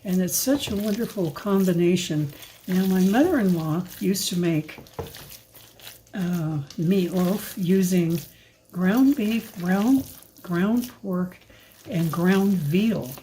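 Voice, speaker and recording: Older woman, warm low-key voice, slow and rambling, showing a recipe in her kitchen. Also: a little hiss or hum, low-quality recording. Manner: chatty, rambling, with fillers and asides. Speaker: home cook filming a recipe video. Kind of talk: casual cooking demonstration. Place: home kitchen.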